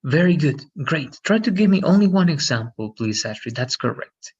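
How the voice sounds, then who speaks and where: A man's voice: a little high, big pitch swings, moderate pace, a little mellow, husky, lo-fi sound. A man teaching an English lesson, patiently explaining and often checking in with "right?".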